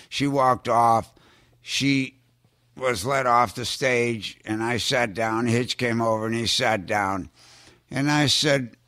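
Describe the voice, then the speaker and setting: An older man telling show-business anecdotes in an unhurried way, chuckling and dropping his voice low when he quotes people. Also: creaky, bright, forceful tone, no room sound, clean studio sound. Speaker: guest actor telling stories. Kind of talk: anecdotal storytelling.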